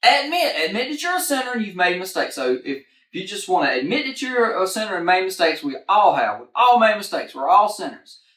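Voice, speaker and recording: A woman's voice: mid-range voice, sing-song, fairly quick, few pauses, fairly bright tone. A woman leading a children's church lesson, upbeat and encouraging, talking straight to the kids. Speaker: kids ministry leader. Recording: echoey room.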